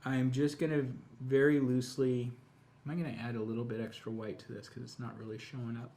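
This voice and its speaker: A painting instructor hosts a live tutorial, guiding viewers through each brushstroke in a relaxed, chatty, step-by-step way. His voice sits at an ordinary middle pitch, and he talks fairly quickly.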